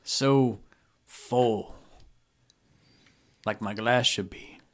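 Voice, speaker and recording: A man's voice: medium pitch, steady tone, extremely slow, fairly bright tone. A man doing a rowdy, laughing town drunk.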